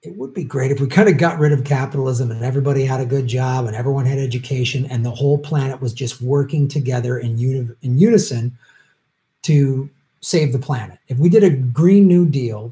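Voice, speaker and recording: Male livestream host, casual, rambling, fills pauses with ums and little laughs. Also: medium pitch, warm tone. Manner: rambling, many ums, chuckles, jokey asides. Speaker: show host answering viewer questions.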